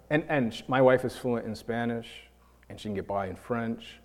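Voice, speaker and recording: A preacher from New York giving a lively sermon, acting out quoted voices and repeating words as he builds his points. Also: mid-range voice, normal speed, vocal fry. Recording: long reverb of a large hall.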